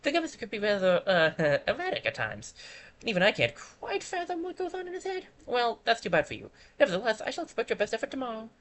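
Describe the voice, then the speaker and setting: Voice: medium pitch, huge pitch swings, fast, fairly bright tone, voice pushed up. A streamer voicing a pompous male bird guild assistant while reading game dialogue aloud, with a fussy, formal manner. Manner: fussy, formal, self-important.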